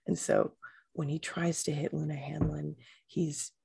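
A player describing a character's actions in a tabletop game, in halting speech with restarts. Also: medium pitch, flat delivery, gravelly, dark tone, husky. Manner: halting, restarts mid-sentence.

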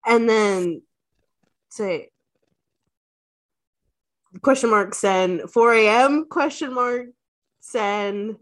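A woman player in an actual-play game, describing her character's actions deliberately. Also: fairly low pitch, dry recording. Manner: deliberate, spells out texts aloud. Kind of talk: playing a tabletop game.

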